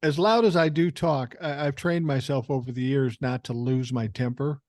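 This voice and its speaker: A man's voice: medium pitch, normal speed, darkish tone, dry recording, clean studio sound. An older man hosting a podcast in casual conversation, blunt and swearing freely, often repeating words as he starts a thought. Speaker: podcast host.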